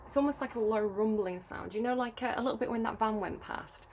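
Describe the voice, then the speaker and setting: A woman's voice: fairly high pitch, fairly quick, a little mellow, a little hiss or hum. A woman reading tarot cards to camera at home, musing and thinking aloud with many fillers. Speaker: tarot reader. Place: home room near a road.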